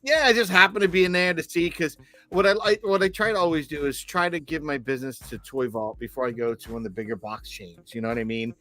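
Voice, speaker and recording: A man's voice: fairly high pitch, fast talker, sharp tone, no echo. A man co-hosting a podcast, telling a long story in casual chat with lots of restarts. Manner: rambling storyteller, many restarts. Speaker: podcast co-host.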